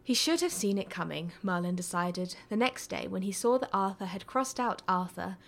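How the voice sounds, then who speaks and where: Woman, story reader, calm, soft-spoken, near-whispered passages. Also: mid-range voice, moderate pace, creaky. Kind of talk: reading fan fiction aloud.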